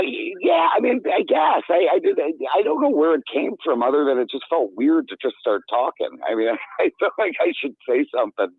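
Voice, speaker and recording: A man talking as a guest in casual chat, rambling and halting in a self-deprecating way. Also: medium pitch, slightly rough, no echo. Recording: tinny, dry phone-like line.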